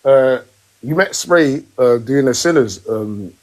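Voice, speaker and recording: A man hosting a podcast live stream from home, ranting emphatically in casual chat and rising in pitch when worked up. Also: expressive, slow, low-quality recording. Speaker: podcast host. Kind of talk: heated casual rant.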